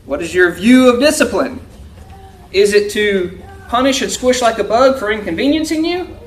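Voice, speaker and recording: Man, high-pitched, church Bible lesson, questioning, reads scripture aloud. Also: animated, moderate pace. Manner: asks the class questions, reads verses aloud. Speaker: Bible class teacher.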